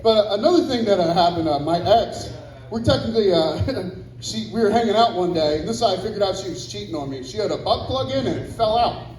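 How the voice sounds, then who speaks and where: A man's voice: sits high, expressive, a little fast, darkish tone. A young man doing a crude stand-up set at a club on a handheld mic, rambling and profane, with asides to the crowd. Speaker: stand-up comedian. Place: comedy club stage. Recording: roomy club echo.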